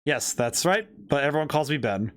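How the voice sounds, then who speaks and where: A man's voice: fairly high pitch, expressive, fairly quick, fairly bright tone, clear, resonant tone. A man reading a stammering nervous ventriloquist. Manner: hesitant, stammering. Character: nervous mumbling adult male ventriloquist. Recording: faint game music behind.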